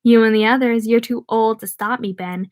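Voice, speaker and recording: A woman's voice: fairly even intonation, moderate pace, close to an everyday voice. A woman reading aloud, voicing a cruel, shrieking clown monster that taunts a boy. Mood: menacing. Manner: shrill, mocking taunts.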